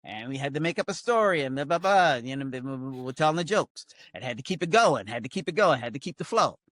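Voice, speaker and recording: An older male comedian telling a lively, self-mocking story in casual chat. He acts out quoted voices and fills gaps with "blah, blah, blah". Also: medium pitch, fast talker, no echo, studio quality. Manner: wry, self-mocking humor. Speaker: comedian guest.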